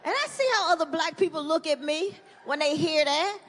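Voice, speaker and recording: A woman performing a stand-up comedy routine, animated and profane, acting out the voices of other people. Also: high-pitched, moderate pace, a little hiss or hum. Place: comedy stage before an audience. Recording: live stage recording with hall echo and audience.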